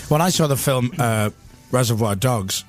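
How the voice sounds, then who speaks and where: A man hosting a casual chat, teasing his guest with quick questions. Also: medium pitch, soft background music. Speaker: host.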